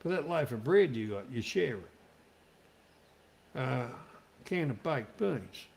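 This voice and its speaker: A man's voice: mid-range voice, very animated, takes it slowly, vocal fry, darkish tone. A man with an Australian accent chatting casually, blunt and profane as he airs strong opinions. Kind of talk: casual chat.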